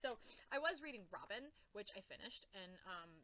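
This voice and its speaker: A woman vlogger recapping a comic in a casual rambling way, excitable, swearing freely and acting out her own reactions. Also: medium pitch, normal speed, noisy background.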